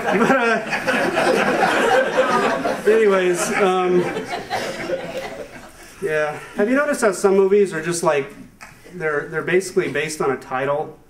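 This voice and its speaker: A man's voice: takes it slowly, long pauses, a loud crowd. Rambling young-sounding male stand-up comic. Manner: rambling, self-amused, many fillers and restarts; breaks into high squeaky put-on voices for jokes. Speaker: stand-up comedian. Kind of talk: stand-up comedy set. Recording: distant mic, far from the speaker.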